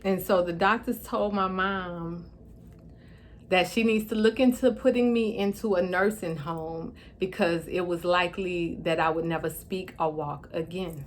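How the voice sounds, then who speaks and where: A woman vlogger shares her own story in a heartfelt, tearful way, pausing now and then to steady herself. Her voice sits on the low side, and a stroke has left her speech slightly affected. There's slight background noise behind this emotional personal storytelling.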